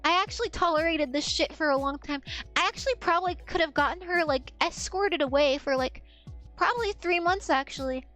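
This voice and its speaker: A young woman streamer telling an animated, profane story in casual chat. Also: extremely high pitch, a little fast, soft background music.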